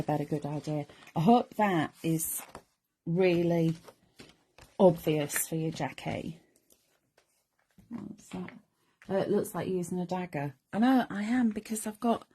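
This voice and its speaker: A woman's voice: on the low side, takes it slowly, pauses often, warm tone, a little hiss or hum. A middle-aged woman chattily talking through a papercraft demonstration step by step and chatting with viewers. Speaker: craft demonstrator. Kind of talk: chatty live crafting demonstration.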